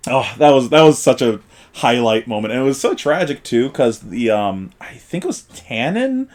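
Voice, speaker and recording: A man casually telling the story of a card game tournament, animated and full of filler words. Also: mid-range voice, moderate pace. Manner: animated, acts out quotes, lots of fillers like "like" and "uh".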